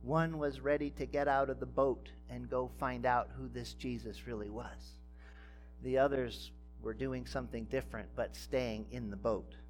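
A man preaching a sermon as pastor, speaking deliberately and building to emphatic, rising phrases. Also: medium pitch, steady tone, faint music behind.

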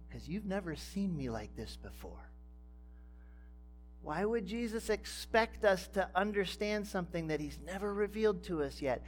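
A man preaching a sermon as pastor, speaking deliberately and building to emphatic, rising phrases. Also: sits high, animated, faint music behind.

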